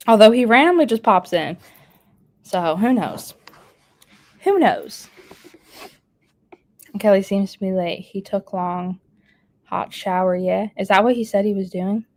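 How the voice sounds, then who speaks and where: Woman, live streamer, casual chat, reads comments aloud, laughs a lot, middle pitch. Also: normal speed, pauses often. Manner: chatty, laughs often while reading comments aloud.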